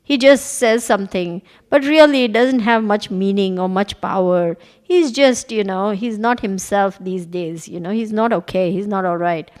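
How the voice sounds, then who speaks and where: A woman's voice: mid-range voice, moderate pace, few pauses, a little mellow, voice pushed down, lightly acted. A woman voicing a deity disguised as a charming male priest, speaking in a sweet, soothing, convincing manner. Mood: coaxing.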